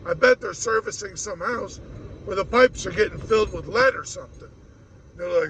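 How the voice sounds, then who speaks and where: Man with a high voice, rambling casual rant, faint traffic outside. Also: normal speed, a bit bright, low-quality recording. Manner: rambling, wry, mimics other people mid-story. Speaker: vlogger.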